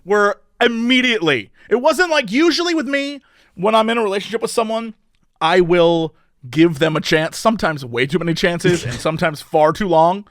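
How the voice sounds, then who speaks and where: A man in his thirties co-hosts a comedy podcast, telling stories in a high, lively voice that jumps all over. He jokes and laughs often. The sound is dry and close to the mic. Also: normal speed, dry recording. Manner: animated, joking, laughs often. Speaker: podcast co-host. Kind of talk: casual comedic chat.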